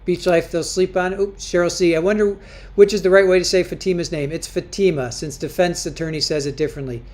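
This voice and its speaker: A woman's voice: on the low side, fairly even intonation, brisk, darkish tone. A woman hosting a casual livestream, chatting as she reads viewer comments aloud, often repeating and restarting her words. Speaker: livestream host.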